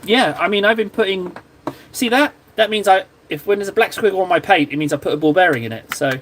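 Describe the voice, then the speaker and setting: A man's voice: sits high, expressive, fast, a bit bright, slight background noise. A man hosting a live stream, chatting casually and self-deprecatingly while he paints miniatures, often drifting off topic. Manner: rambling, self-deprecating, easily sidetracked. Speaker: livestream host painting miniatures.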